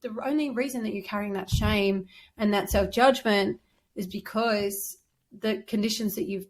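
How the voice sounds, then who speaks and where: A woman's voice: mid-range voice, fairly even intonation, moderate pace. A woman, a podcast host and mother, giving supportive advice in casual chat and coaching with rhetorical questions.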